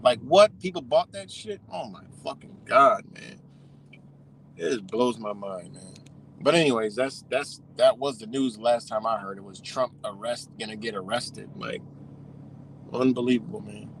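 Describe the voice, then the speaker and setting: A man's voice: lowish voice, normal speed, creaky, low-quality recording. Man ranting profanely over street noise. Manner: heated, swearing, rambling with laughs. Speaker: livestream host. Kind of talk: profane casual rant.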